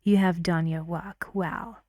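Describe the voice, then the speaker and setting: Female pronunciation teacher, very slow and patient, dry close mic. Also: on the low side, steady tone, a little mellow, no room sound. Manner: slow, patient, often drops to a whisper; chants stress patterns in syllables. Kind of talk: online lesson with drills.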